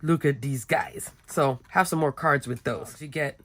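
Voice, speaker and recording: A woman with a raspy, slightly sick voice, casually showing her handmade cards with goofy giggles. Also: low voice, measured pace, a bit bright. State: a little sick, hoarse. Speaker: card-making crafter. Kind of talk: casual craft tutorial chat.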